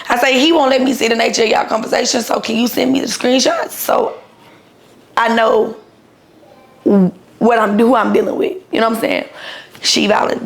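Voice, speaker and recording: A woman's voice: fairly high pitch, vocal fry. Blunt, profane woman telling a story. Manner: blunt, profane, animated retelling with quoted dialogue. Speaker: guest telling her own story. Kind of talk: casual storytelling.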